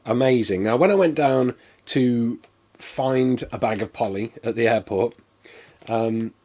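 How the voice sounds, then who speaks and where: A man's voice: mid-range voice, slight background noise. Man, casual streamer, rambling, self-mocking, chatty. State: coughing, something went down the wrong way. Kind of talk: casual live-stream taste test.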